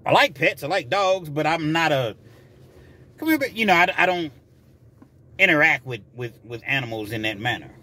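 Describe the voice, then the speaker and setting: Lively, bright-voiced male storyteller who acts scenes out, casual vlog delivery. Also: on the high side, normal speed, a little hiss or hum.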